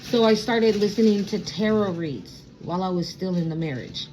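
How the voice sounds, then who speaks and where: A woman's voice: medium pitch, moderate pace, darkish tone, poor audio. A woman in her thirties giving a casual spiritual vlog as a tarot reader, talking in a sassy, blunt way with plenty of slang and swearing.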